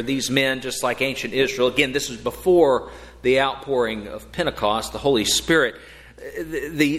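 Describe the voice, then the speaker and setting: A man preaching a sermon with emphatic, dramatic delivery, slowing on key phrases and rising sharply for emphasis. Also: mid-range voice, a bit bright. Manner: dramatic, emphatic delivery with slow drawn-out phrases and sudden rises. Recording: long hall reverb.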